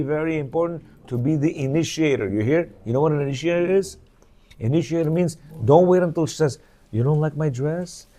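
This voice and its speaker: A man's voice: fairly high pitch, dark tone. A man reads from a book to a men's class and explains it in a chatty way, often asking his listeners if they follow. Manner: conversational, repeats questions to the listeners. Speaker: Torah class teacher.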